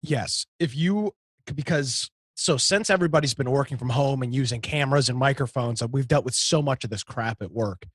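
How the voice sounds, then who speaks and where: A man co-hosting a casual tech talk show over a video call, rambling and joking as he recommends software. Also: medium pitch, a little fast, husky, no echo, studio quality. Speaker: co-host.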